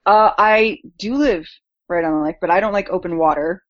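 Woman, casual podcast chat, matter-of-fact, explanatory, mid-pitched, dull lo-fi audio. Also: normal speed. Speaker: podcast panelist. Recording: dull lo-fi sound.

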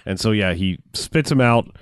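A man's voice: lowish voice, animated, normal speed, clean tone, no room sound, clean studio sound. A man chatting casually as a podcast co-host, recapping a film in a rambling way and acting out lines in put-on voices. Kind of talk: casual movie recap chat.

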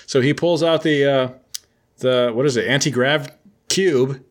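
A man's voice: mid-range voice, measured pace. A man hosting, casually recapping a comic book with joking, sarcastic storytelling.

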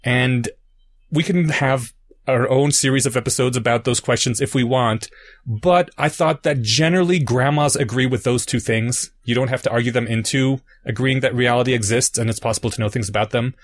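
A man of middling pitch co-hosts a casual podcast. He explains ideas patiently, building them up step by step through everyday analogies. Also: moderate pace. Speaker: podcast co-host.

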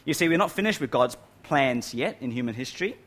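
A man's voice: mid-range voice, animated, quick pace, fairly bright tone. Man preaching, lots of "right?". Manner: stresses key words, asks "right?" often. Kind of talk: sermon. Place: church hall with air conditioning.

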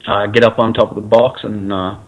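Relaxed Australian man with halting speech. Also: on the low side, rough recording. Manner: relaxed, halting with many fillers. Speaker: guest, racer. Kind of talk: casual interview chat.

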